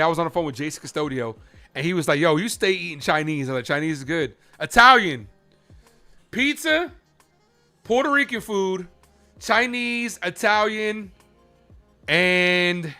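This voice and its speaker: A man hosting a live baseball stream, chatting casually with viewers while calling the pitches in an animated way. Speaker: live play-by-play streamer and host.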